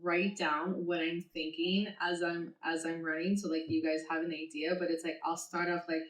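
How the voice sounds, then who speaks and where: A woman's voice: deep voice, little pitch movement, moderate pace. A woman in her thirties, a therapist co-hosting a podcast, talking casually in a rambling, self-deprecating way and laughing as she goes. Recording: echoey room.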